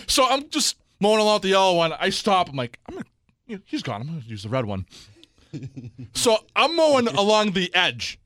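Young guy spinning a story, voice jumps all over, slightly high, dry mic. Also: normal speed, pauses often, no room sound. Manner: animated storyteller, acts out quotes, laughs often. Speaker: podcast co-host. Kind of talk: casual chat, storytelling.

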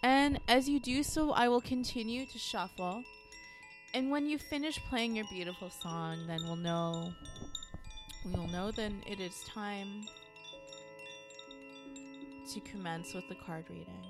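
A woman's voice: medium pitch, unhurried, long pauses, music in the background. A woman chatting playfully and jokily on a podcast. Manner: playful, jokey. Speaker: podcast co-host. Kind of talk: casual chat.

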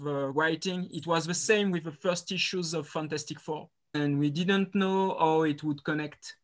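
Slow halting man. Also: a little high, a bit bright. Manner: halting, many "uh" pauses. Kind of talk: casual chat.

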